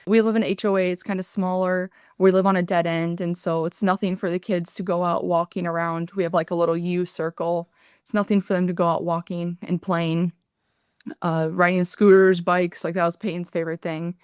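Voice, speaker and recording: A woman in her thirties, a nurse and paramedic, telling her story as a podcast guest in an earnest, halting way. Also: lowish voice, level tone, darkish tone, smooth, no room sound, studio quality. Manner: earnest, halting retelling that acts out her own past words. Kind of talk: podcast interview, personal account.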